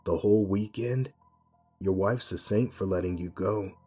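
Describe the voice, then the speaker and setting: A man's voice: sits low, a little slow, mellow, breathy edge, faint music behind. A man voicing a polite, unsettling well-dressed male hitchhiker with a strangely enthusiastic, probing manner. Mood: politely probing.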